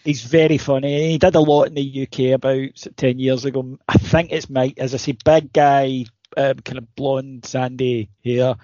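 A man's voice: medium pitch, fairly even intonation, moderate pace, hardly any pauses, warm tone, no echo. Male podcast co-host, rambling and sweary, dry slightly dull recording. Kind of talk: casual chat.

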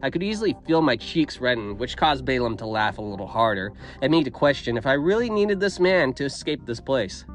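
A man narrates a first-person story in a steady, measured reading voice. His pitch sits at an ordinary middle for a man, even and unhurried. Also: faint music behind.

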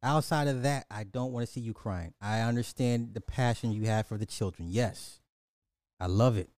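A man's voice: lowish voice, moderate pace, no echo. A man hosting a reaction video, talking casually with jokes and bursts of laughter. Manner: animated, joking, breaks into laughter.

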